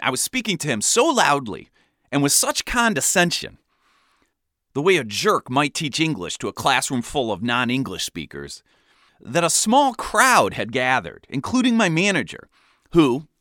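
A man's voice: medium pitch, very animated, measured pace, fairly bright tone, dry recording. Guy telling a funny story, voice jumps all over, dry close sound. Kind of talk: first-person comedic storytelling.

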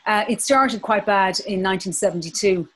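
A woman's voice: medium pitch, normal speed, husky. A woman in her fifties with an Irish accent from County Clare, chatting as a podcast guest and telling stories. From Ireland. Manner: chatty, storytelling. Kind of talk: casual chat.

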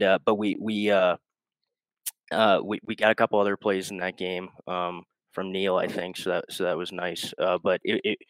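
Deep, flat-voiced man with halting speech. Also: dry recording, low-quality recording. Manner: halting, many restarts and fillers, thoughtful. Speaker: podcast guest, betting analyst. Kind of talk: casual sports analysis.

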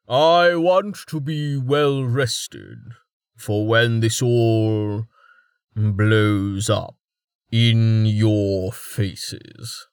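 A man voicing a stern, slow-spoken blunt father. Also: fairly low pitch, smooth, dry recording, clean studio sound. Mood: sardonic. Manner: slow, deliberate and coldly curt. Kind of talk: audiobook character voice.

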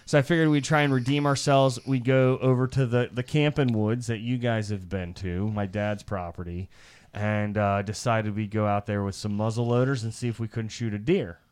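A man from Iowa co-hosting a podcast, telling a crude, animated hunting story and laughing as he talks. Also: on the low side, normal speed, smooth. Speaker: podcast co-host. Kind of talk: crude storytelling among friends.

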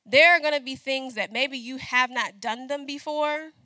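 Bright-voiced woman preaching conversationally. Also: high voice, normal speed, no echo. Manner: conversational preaching, calls out to congregation. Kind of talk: sermon.

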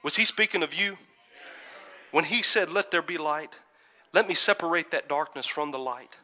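A man preaching a sermon, moving from quiet storytelling to loud, fervent calls and asking the congregation for an "Amen". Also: on the high side, normal speed. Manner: builds from soft musing to shouted fervor, calls "Amen?".

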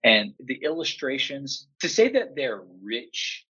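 A man in his thirties, a teacher and father, telling stories with animated, emphatic energy and acting out quotes. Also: medium pitch, measured pace, breathy edge, highs cut off. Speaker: podcast guest, teacher and father. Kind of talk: enthusiastic storytelling chat.

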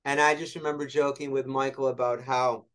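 A man being interviewed as a guest, telling lively anecdotes and acting out quoted voices as he goes. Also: mid-range voice, a little fast. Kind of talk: animated storytelling in conversation.

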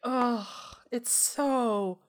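A woman's voice: a little high, extremely slow. A woman co-hosting a casual film review chat, sarcastic and laughing often, acting out characters' lines. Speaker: podcast co-host.

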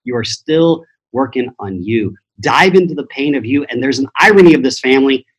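Blunt, husky-voiced motivational man. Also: medium pitch, animated, fairly quick, low-quality recording. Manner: blunt, profane, acts out voices in quotes. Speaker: podcast guest, transformation teacher. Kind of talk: motivational storytelling.

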